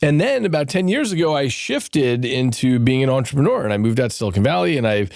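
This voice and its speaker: A middle-aged male host speaks in a measured, thoughtful way while he questions his guest. His voice has a mid pitch and sounds dry and close, with no room around it. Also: sing-song, darkish tone, no room sound. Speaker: podcast host. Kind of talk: interview questions and conversation.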